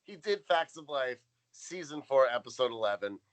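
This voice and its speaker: A man's voice: medium pitch, animated, normal speed, rough recording. A man co-hosting a podcast, casually recapping a sitcom episode from his notes, with lots of ums and restarts. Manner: rambling, reads out notes with frequent ums. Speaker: podcast co-host.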